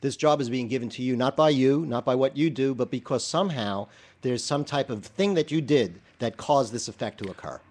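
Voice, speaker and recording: A man's voice: medium pitch, brisk, a little mellow. A man, a co-host in a casual discussion, thinking aloud with restarts and hypothetical examples.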